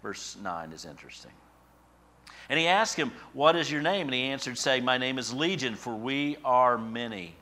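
A man preaching a sermon, building to loud emphatic peaks and falling to quiet asides. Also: medium pitch. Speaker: pastor.

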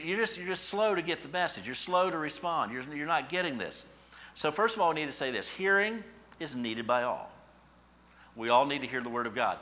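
A man's voice: mid-range voice, pushed and bright, slight background noise. A man preaching a sermon in a conversational way that rises to emphatic peaks, reading scripture and explaining it. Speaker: pastor.

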